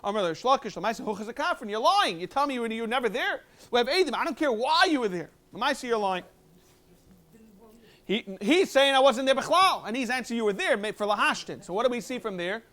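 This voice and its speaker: A man, a rabbi teaching a Talmud review class and explaining in a quick, animated way. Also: very high-pitched. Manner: quick, animated explaining with sudden emphatic jumps. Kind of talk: Talmud lecture, English mixed with Hebrew and Aramaic terms.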